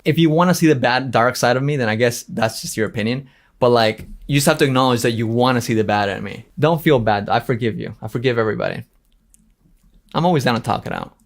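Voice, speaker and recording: A man from Los Angeles hosting his own channel, animatedly reading comments aloud and answering them with sass. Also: medium pitch. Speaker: channel host. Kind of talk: livestream commentary.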